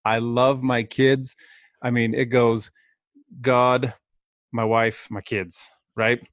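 A man's voice: medium pitch, flat delivery, takes it slowly, fairly bright tone, dry recording, clean studio sound. A man in his thirties casually telling a rambling, self-deprecating story as a podcast co-host.

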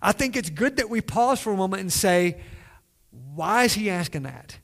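A man's voice: sits high, expressive, moderate pace, creaky, fairly bright tone. A man preaching a sermon in a conversational way, asking the listeners questions and acting out quoted lines. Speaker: pastor.

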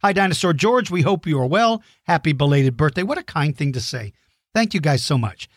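Lively enthusiastic man hosting a kids' show. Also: on the high side, brisk, dry recording, clean studio sound. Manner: enthusiastic, encouraging, explains simply. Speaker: host answering kids' dinosaur questions. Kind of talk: friendly kids' show chat.

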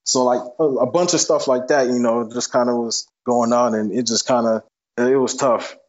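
A man's voice: medium pitch, steady tone. A young man telling stories as an interview guest in a loose, casual way, full of fillers. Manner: fast, loose, many fillers like "you know what I'm saying". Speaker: football player guest. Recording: dull lo-fi podcast audio.

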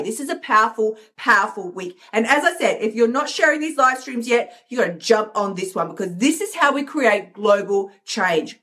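Brief: higher-voiced woman, upbeat motivational coach, emphatic, plays out inner voices. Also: a bit bright. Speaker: host, coach. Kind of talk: motivational live stream talk.

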